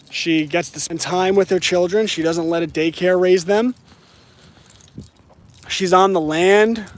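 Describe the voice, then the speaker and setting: High-pitched man lecturing on a walk. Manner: preachy, repeats phrases, frequent "right?". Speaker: channel host. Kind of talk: casual talk to camera while walking the dog. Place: outdoors on a street.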